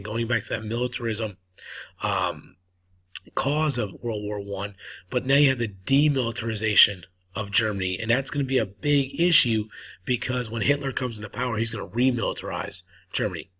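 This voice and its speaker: Casual male teacher, slightly husky, loose and chatty. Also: mid-range voice, fairly quick, pushed and bright. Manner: casual, repeats himself, many fillers. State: coughing now and then. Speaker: history teacher. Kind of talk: recorded classroom lecture.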